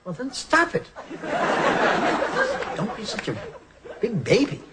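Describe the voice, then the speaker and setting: A man's voice: high-pitched, slow pace, over a noisy crowd, very noisy, heavily acted. An actor playing a blunt, impatient male therapist who stammers and snaps orders, in a played TV sketch clip with audience laughter. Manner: stammering, deadpan, snapping orders.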